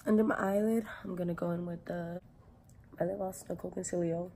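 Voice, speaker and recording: A woman's voice: fairly low pitch, fairly even intonation, brisk, dark tone, a little hiss or hum. Chatty young woman doing a makeup tutorial. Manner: chatty, filler-heavy, swearing. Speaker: beauty vlogger.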